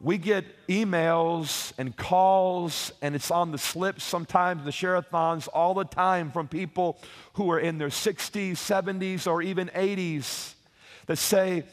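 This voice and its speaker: A man with a very high voice delivers a sermon, repeating his words and rising to shouts to drive home his key points. He asks his listeners "Hello?" to press his points. His voice rings out with a long reverb, as in a large hall. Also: steady tone, a little slow. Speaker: preacher.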